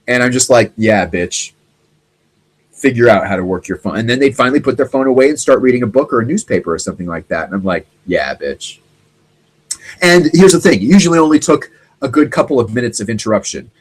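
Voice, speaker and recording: A man hosting a casual solo talk show, rambling and animated, now and then mimicking other people's voices. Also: mid-range voice, slightly rough, rough recording. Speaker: podcast host.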